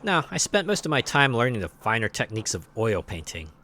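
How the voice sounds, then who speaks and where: A man voicing a calm, courteous middle-aged painter in a story-driven video game, in a near-natural voice. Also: mid-range voice, a little fast. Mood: polite.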